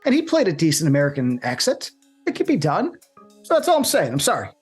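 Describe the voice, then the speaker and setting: A man's voice: fairly high pitch, fast, breathy edge, soft background music. A man co-hosting a show, complaining animatedly in casual debate and breaking into put-on voices. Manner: animated, complaining, acts out voices mid-sentence. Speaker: co-host debating a film.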